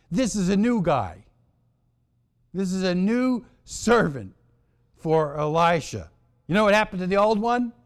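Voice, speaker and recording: A man preaching a sermon, telling a story in a deliberate, emphatic and dramatic way. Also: high-pitched, clear, resonant tone. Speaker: pastor.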